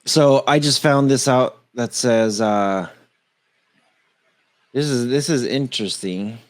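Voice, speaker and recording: Man rattling off a game list. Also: mid-range voice. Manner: rushes through a long list, stumbling on names. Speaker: podcast co-host. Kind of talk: casual tech podcast chat.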